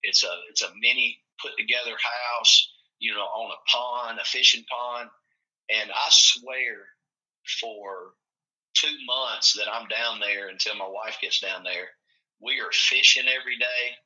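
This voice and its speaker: A football coach from Tennessee, telling rambling, folksy stories in casual chat. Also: male voice, medium pitch, fairly even intonation, a little slow, pushed and bright. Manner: folksy, rambling, acts out quoted voices. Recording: muffled lo-fi recording.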